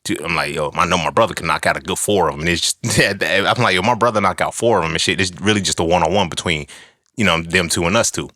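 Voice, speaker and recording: A man's voice: low voice, quick pace, no echo, clean studio sound. Man telling a loose street story. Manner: animated, profane storytelling with acted-out quotes. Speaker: podcast host. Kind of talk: casual storytelling monologue.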